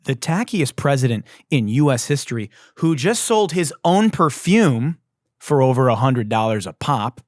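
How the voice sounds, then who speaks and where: A man hosting a satirical news show, ranting loudly and swearing, his voice going hoarse from yelling. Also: sing-song, moderate pace, no echo, studio quality. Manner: swings from loud yelling to low mutters, swears. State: losing his voice. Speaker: comedy news host.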